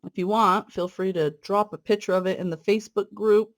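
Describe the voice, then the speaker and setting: A woman's voice: mid-range voice, steady tone, fairly quick. A woman hosting a casual cross-stitch video, chatting in a friendly, rambling way with fillers while she stitches. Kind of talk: casual stitch-along chat.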